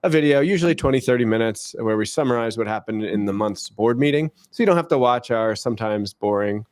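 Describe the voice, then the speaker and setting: A man's voice: medium pitch, expressive, fast, no echo, studio quality. A man with an American accent hosting a casual school-district podcast in a jokey, upbeat, self-deprecating way, with faint music behind him. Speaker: podcast host, school superintendent.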